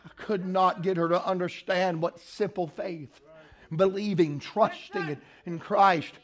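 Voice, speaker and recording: Older Southern pastor, high-pitched voice, shifts from soft storytelling to shouting. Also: male voice, steady tone, measured pace. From South Carolina. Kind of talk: sermon.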